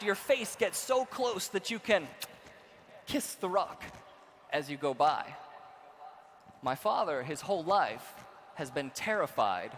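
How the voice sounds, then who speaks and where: A young man giving a storytelling keynote speech to a conference audience in a large hall, going from quiet narration to shouted excitement. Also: high voice, a little hiss or hum. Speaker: keynote speaker. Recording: reverberant hall with faint ambience.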